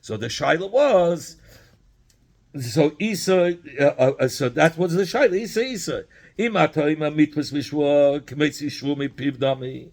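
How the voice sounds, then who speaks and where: A man's voice: a little high, unhurried, darkish tone. A man teaching a Talmud study lesson, explaining by repeating phrases and asking questions, mixing in Hebrew and Yiddish terms.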